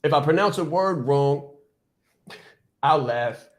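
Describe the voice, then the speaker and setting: A man hosting a podcast, giving a fast, emphatic motivational talk, repeating his points and stumbling over words without stopping. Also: fairly high pitch. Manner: fast, repetitive, emphatic preaching. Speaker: podcast host and business coach. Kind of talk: motivational speech.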